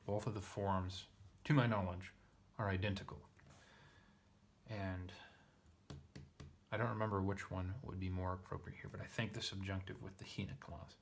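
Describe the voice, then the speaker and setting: A man's voice: sits low, little pitch movement, moderate pace, vocal fry, breathy edge. A man teaching a text line by line, thinking aloud with frequent fillers and self-corrections. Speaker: Greek teacher. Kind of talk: casual lesson reading.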